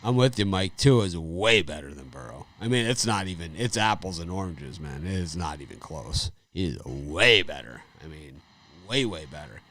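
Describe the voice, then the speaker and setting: Low-voiced man rambling through sports stories. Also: expressive, moderate pace, a bit bright. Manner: rambling storyteller, laughs a lot, repeats phrases. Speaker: sports betting show host. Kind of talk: casual chat.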